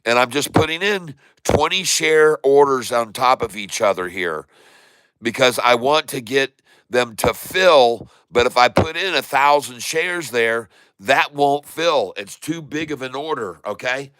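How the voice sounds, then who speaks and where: Man, folksy excitable trading stream host, bright forceful tone, dry close mic. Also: medium pitch, measured pace, clear, resonant tone, dry recording. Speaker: stock trading livestream host. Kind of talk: casual live market commentary.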